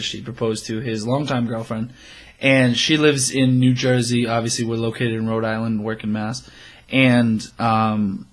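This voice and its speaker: A young man co-hosting a podcast, telling a story in casual chat, animated and swearing as he acts out his friends' lines. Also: medium pitch. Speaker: podcast co-host.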